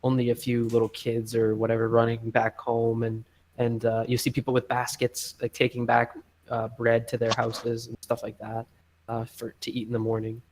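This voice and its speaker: A man's voice: mid-range voice, monotone, normal speed, a little mellow, slight background noise, poor audio. A man narrating as game master of a tabletop role-playing game, rambling casually with many fillers. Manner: rambling, filler-heavy, lots of "like" and "um".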